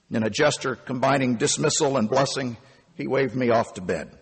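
A man in his fifties telling a first-person story, animated and emphatic. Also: mid-range voice, moderate pace, breathy edge, big-room sound. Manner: animated and emphatic, with punchy phrasing.

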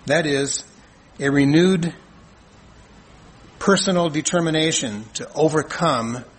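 A man preaching a sermon in an earnest, measured way, asking rhetorical questions and answering them. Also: fairly high pitch, breathy edge, low-quality recording. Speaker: pastor.

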